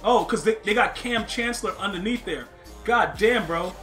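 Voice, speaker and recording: A man streaming a football video game, laughing a lot and yelling at the plays, with slangy, excitable chatter. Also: high-pitched, moderate pace, faint music behind. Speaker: gaming streamer. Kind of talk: live game commentary.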